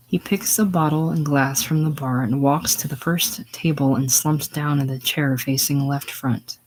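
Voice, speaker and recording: A man reading a stage play aloud, calmly narrating the stage directions. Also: fairly high pitch, moderate pace, few pauses, a little hiss or hum, rough recording. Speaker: reader.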